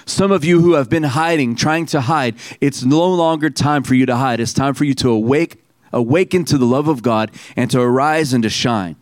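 A man delivers a sermon, urging his congregation to repeat phrases back to him. He reads passages aloud slowly and with weight. His voice sits in a middle pitch and sounds dry and close to the mic. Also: dry recording. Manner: preaching with call-and-response to the congregation. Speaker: pastor.

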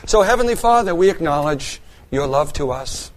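A man preaching a sermon as a pastor, earnest, moving between raised passages and quiet, hushed ones. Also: on the high side, animated, moderate pace.

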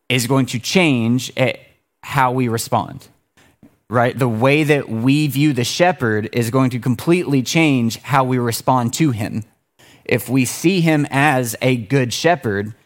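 A man delivering a sermon with a relaxed, conversational feel. He tells stories in an animated way and often stops and restarts his sentences. His voice sits at a middle pitch. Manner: casual, animated storytelling with frequent restarts. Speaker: pastor.

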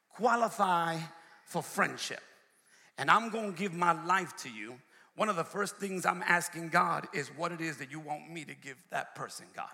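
A man's voice: on the high side, vocal fry, sharp tone. A man preaching a sermon, emphatic and repetitive, calling out to the congregation. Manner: emphatic call-and-response preaching, repeats phrases. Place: church sanctuary. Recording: long hall reverb.

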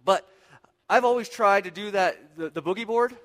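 A man preaching a sermon as pastor. He moves between loud, intense stretches and quiet, reflective passages. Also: high voice, moderate pace, big-room sound.

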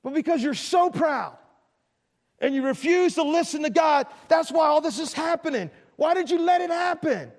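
A man voicing a stern prophet who pronounces judgment slowly and gravely. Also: a little high, a little mellow, long reverb tail, voice pushed down, close to an everyday voice. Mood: anguished. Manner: slow and grave, then pleading with anger. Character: stern prophet delivering God's doom, male.

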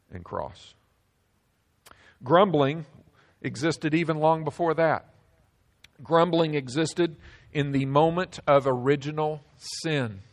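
A man preaching a sermon as a pastor, emphatic, slowing down and dropping his voice low on key words. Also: a bit bright.

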